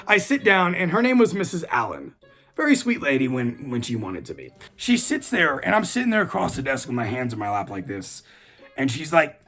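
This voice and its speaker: A man's voice: fairly high pitch, a bit bright. A young man casually telling a funny story from his own life, rambling with lots of "like", swearing and laughing as he goes. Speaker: channel host.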